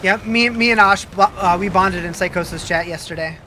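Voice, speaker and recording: A game streamer talking into a home desk mic on a live stream, fighting a case of hiccups. The voice is bright and sharp, chatty and loose, stopping and restarting sentences while answering chat. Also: mid-range voice, measured pace, long pauses, slight background noise. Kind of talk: casual live-stream chat, reading viewer comments.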